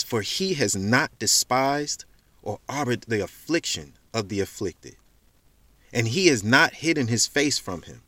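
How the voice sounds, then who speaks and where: A man preaches on his devotional podcast, fervent and given to repeating his lines for emphasis. His voice sits at a middle pitch and comes through a close, dry mic. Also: pushed and bright, dry recording. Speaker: podcast host.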